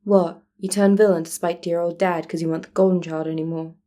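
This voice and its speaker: A woman voicing a dry, deadpan teenage boy hero student. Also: lowish voice, a little fast, close to an everyday voice. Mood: sardonic.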